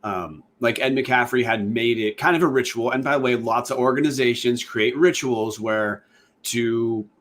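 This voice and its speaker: A man's voice: medium pitch, moderate pace, a bit bright. A man co-hosting a podcast, asking long, winding questions and correcting himself as he goes. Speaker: podcast co-host. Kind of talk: podcast interview.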